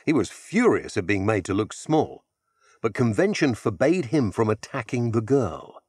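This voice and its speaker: A man narrating an audiobook in a measured, expressive storytelling manner. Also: fairly low pitch, breathy edge, no room sound, clean studio sound.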